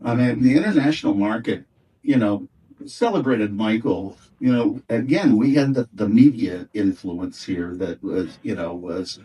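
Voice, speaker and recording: A man's voice: fairly low pitch, a little slow, warm tone, breathy edge, far from the mic, poor audio. A man, a former record company executive, telling anecdotes in an interview, rambling with many fillers and restarts.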